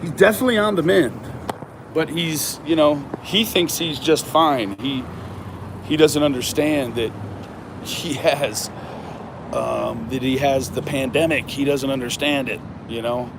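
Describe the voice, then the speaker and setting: A man chatting casually on a live stream while walking, speaking slowly with many pauses and fillers. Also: mid-range voice, creaky. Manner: slow and rambling, many ums. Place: outdoors and in a store. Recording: noisy street with traffic.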